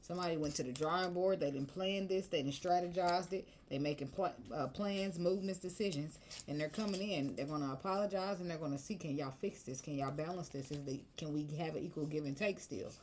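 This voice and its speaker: A woman's voice: deep voice, fairly quick, darkish tone, a little hiss or hum. A woman reading tarot cards in a chatty, emotional, colloquial way. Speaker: tarot reader.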